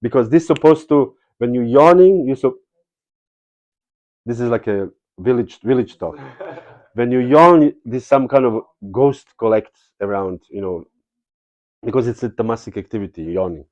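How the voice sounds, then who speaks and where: Heard on lo-fi sound, a man with a mid-range, darkish voice gives a devotional lecture as a spiritual teacher at a moderate pace. His storytelling is casual and wandering, sprinkled often with "you know."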